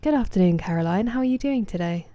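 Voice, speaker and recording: A woman's voice: medium pitch, animated, fast talker, dry recording. A woman streamer chatting casually with her viewers while she plays, greeting them by name. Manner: chatty, answering chat by name, soft asides. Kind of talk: casual live-stream chat.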